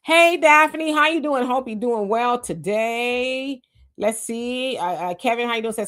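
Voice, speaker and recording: A woman's voice: fairly high pitch, a little slow, a bit bright. A woman hosting a live stream, greeting commenters by name and reacting to chat in a casual, talkative way. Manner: chatty, greets commenters, frequent restarts and laughs. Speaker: livestream host reading chat.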